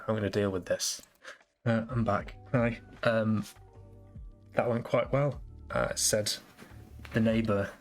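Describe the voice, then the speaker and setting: Podcast host, male, lower register, loose self-mocking ramble, faint music under the voice. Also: fairly bright tone. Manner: rambling, self-deprecating, restarts often. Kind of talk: casual solo podcast chat.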